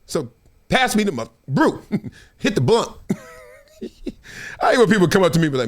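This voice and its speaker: Animated, high-pitched male host. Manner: animated, slangy, laughs often, quick jumps in pitch. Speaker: show host. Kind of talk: casual chat.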